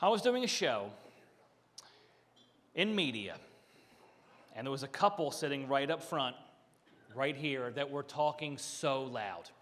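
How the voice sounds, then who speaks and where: A man's voice: mid-range voice, expressive, measured pace, pauses often, a bit bright, in a large hall. A man performing a stand-up comedy set, telling stories with punchy asides and acting out what people said. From Philadelphia area. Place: country club room, live audience.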